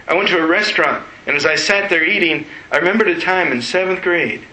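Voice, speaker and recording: Male pastor, sermon storyteller, slightly high voice, very bright tone. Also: expressive, brisk, few pauses, slight background noise. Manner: storytelling with emotional retelling. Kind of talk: sermon testimony. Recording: roomy echo.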